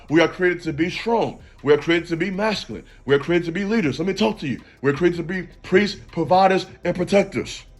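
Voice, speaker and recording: A man hosting a faith channel, giving a motivational talk in an emphatic, preachy way and calling out to the listener directly. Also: high-pitched. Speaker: channel host.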